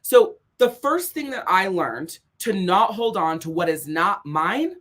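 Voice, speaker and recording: A woman's voice: medium pitch, very animated, measured pace, few pauses, fairly bright tone. Woman, life coach, blunt, emphatic, profane, motivational monologue. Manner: blunt, emphatic, heavy swearing; repeats points for emphasis.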